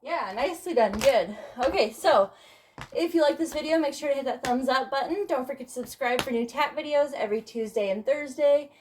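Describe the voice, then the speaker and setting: Higher-voiced woman calling tap steps. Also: far from the mic, background noise. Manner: brisk, encouraging step-calling with counts. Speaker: tap dance teacher. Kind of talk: counting and calling steps in a tutorial. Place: dance studio. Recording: echoey studio with loud tap clicks.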